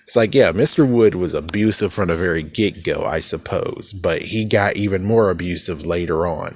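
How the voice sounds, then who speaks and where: Rambling man with a low voice. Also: moderate pace, no room sound. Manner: rambling, lots of "it's like" and "actually", chuckles to himself. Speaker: YouTube commentator. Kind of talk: casual unscripted commentary.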